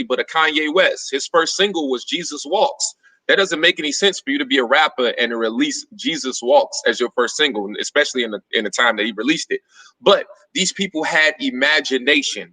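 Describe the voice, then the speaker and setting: A man hosting a casual book club discussion, telling stories in an animated way and acting out dialogue. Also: recorded from a distance, low-quality recording. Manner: animated storyteller, acts out dialogue with rising pitch. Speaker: book club host, personal trainer.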